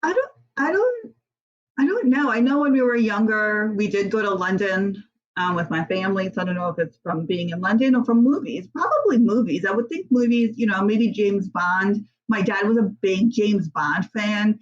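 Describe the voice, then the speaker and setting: A woman's voice: medium pitch, lively intonation, normal speed, dull audio. A woman guest answering interview questions casually, rambling with many fillers and restarts and laughing often.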